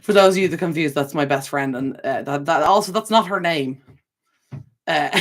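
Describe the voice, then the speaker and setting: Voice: medium pitch, fairly quick. A young adult channel host chatting casually on a livestream, reading out viewer comments, rambling with frequent laughs and self-corrections.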